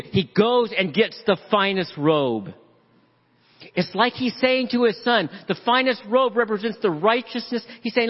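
A man preaching a sermon as pastor, animated and acting out voices in the story. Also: high voice. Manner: animated preaching, acts out the father's voice. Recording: dull lo-fi audio with long hall reverb.

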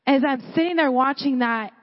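A woman's voice: high voice, normal speed. A young woman from California giving a sermon at church, telling stories in a casual way full of "like". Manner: casual storytelling with many "like" fillers. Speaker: church speaker. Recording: echoey hall, dull lo-fi sound.

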